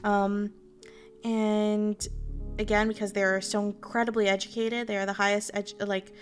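A woman's voice: mid-range voice, level tone, normal speed, faint music behind. A Canadian woman streamer talking casually to her viewers, candid and rambling, swearing freely. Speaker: VTuber streamer.

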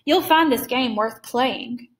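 A woman's voice: fairly high pitch, takes it slowly. A woman reading aloud voices a suave, menacing older male general with polished, amused courtesy. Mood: courtly.

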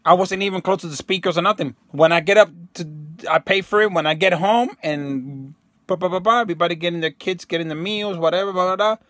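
Man, emphatic, slangy, rambling, high bright voice. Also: fast talker, dry recording, clean studio sound. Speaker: self-help video host. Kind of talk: casual monologue to camera.

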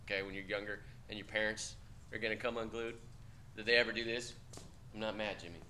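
A man's voice: fairly low pitch, flat delivery, quick pace, bright, forceful tone, a little hiss or hum. A man teaching a class, talking bluntly and casually with profanity, quizzing students in a discussion. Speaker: instructor.

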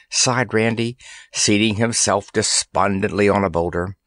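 A man narrating a children's fantasy story in an expressive, animated storytelling manner. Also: fairly low pitch, a little slow, dry recording, clean studio sound. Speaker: audiobook narrator.

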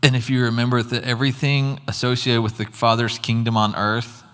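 A man's voice: medium pitch, flat delivery, a little fast, a bit bright, clear, resonant tone, big-room sound. A man giving a sermon that tells a personal story, earnest and acting out his own reactions as he goes. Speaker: guest preacher. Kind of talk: sermon testimony.

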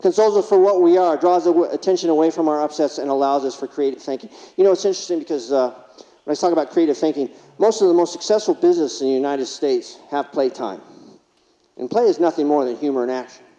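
A man with a fairly high, mellow voice talks quickly while delivering a funny keynote at a conference, telling stories and acting out things his patients said. The lo-fi recording carries a long reverb from the hall.

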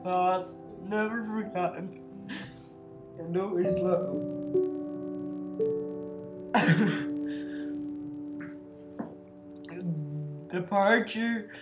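A man recording a let's play, reading lines aloud in a slow, halting, tearful way while crying. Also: high-pitched. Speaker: gaming video creator. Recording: echoey room with loud music. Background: loud guitar music.

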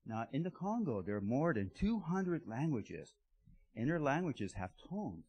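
A man's voice: mid-range voice, sing-song, a little slow, husky, dull audio. A man giving a playful children's talk at a church service, asking the kids lots of questions. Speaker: guest speaker giving children's blessing. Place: church sanctuary.

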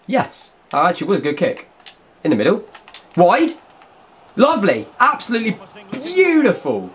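A young man giving excited, chatty commentary over his own football video game match, often bursting into shouts. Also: high-pitched, normal speed. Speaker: gaming YouTuber. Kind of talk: excited live gameplay commentary.

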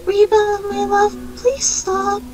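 A woman voicing a loving ghostly wife in a fan dub of a game, soft and doting. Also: very high-pitched, fairly even intonation, takes it slowly, over music. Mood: tender.

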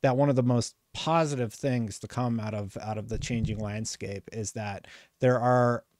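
A man's voice: medium pitch, fairly even intonation, moderate pace, darkish tone, dry recording, studio quality. A middle-aged man hosting a podcast in casual, earnest chat, often trailing into fillers. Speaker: podcast host.

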